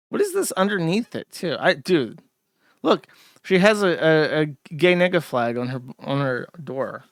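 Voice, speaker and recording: A man's voice: on the high side, big pitch swings, measured pace, dry recording, clean studio sound. A man hosting a podcast, giving crude, profane, sarcastic commentary as he reacts to online content. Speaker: podcast host. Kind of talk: casual commentary.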